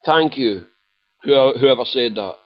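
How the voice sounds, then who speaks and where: A man's voice: mid-range voice, animated, a little slow, no room sound. Drowsy, rambling man on voice chat. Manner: rambling, apologetic, repeats himself. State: woozy and drowsy from medication. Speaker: chat room panelist. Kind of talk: emotional voice chat. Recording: dull lo-fi voice chat audio.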